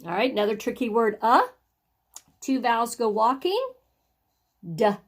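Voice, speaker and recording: A woman teaching young children phonics and handwriting, encouraging them and sounding out each word slowly. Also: fairly high pitch, fairly even intonation.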